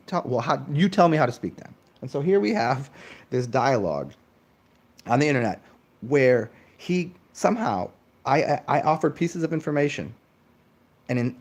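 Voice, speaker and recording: A man ranting in a casual monologue, swearing freely and mocking others in exaggerated voices. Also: breathy edge. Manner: profane, animated, mimics others in high mocking voices. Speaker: channel host.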